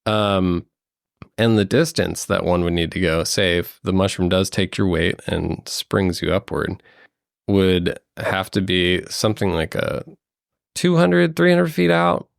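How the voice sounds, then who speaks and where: A man's voice: sits low, steady tone, a little slow, gravelly, no room sound, clean studio sound. A man narrating as game master of a tabletop game, hesitant with many ums and uhs. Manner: hesitant, fills with um and uh.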